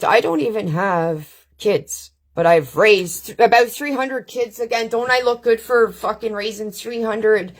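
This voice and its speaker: A middle-aged woman from Canada hosting a live stream, telling stories in a blunt, profane, casual way. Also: medium pitch. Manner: blunt, profane, unhurried with frequent filler questions. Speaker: channel host. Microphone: webcam or phone on a live stream.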